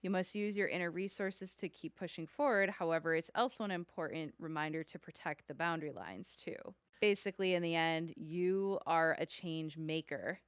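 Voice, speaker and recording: A woman's voice: fairly low pitch, normal speed, hardly any pauses, clean tone, no echo. A woman co-hosting a podcast in casual chat, chatty and earnest. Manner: chatty, laughs often, earnest. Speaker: podcast co-host.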